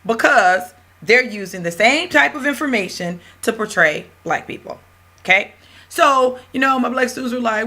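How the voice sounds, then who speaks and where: A woman professor lectures at a moderate pace in a bright, forceful voice on the high side, leaning on her words as she tells a classroom story with lively emphasis. Her manner with the room is loose and conversational, and she leaves space for the class to answer.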